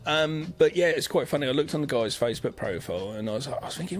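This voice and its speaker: A man's voice: mid-range voice, animated, fast, hardly any pauses. A man co-hosting a podcast, rambling casually, swearing freely and slipping into mock voices. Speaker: podcast co-host. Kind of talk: casual chat.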